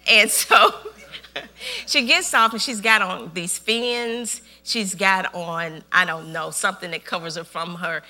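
Taking it slowly in a medium-pitched voice, a woman pastor tells a story during her sermon. She laughs a lot and leans on emphatic, repeated phrases as she narrates with animation.

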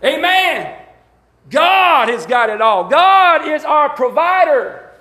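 A Southern-accented man preaches in a church, his voice pitched unusually high as he swings into shouted calls to the congregation. The sound carries a roomy echo from the sanctuary around him. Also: very animated, takes it slowly. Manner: fervent preaching, rising to shouts and calling out to the congregation. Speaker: pastor. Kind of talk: sermon.

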